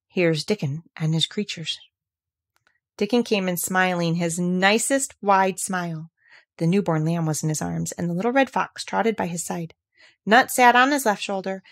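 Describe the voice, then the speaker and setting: A woman reading a classic children's novel aloud in a calm, measured voice. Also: lowish voice, vocal fry. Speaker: audiobook reader. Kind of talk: storybook narration.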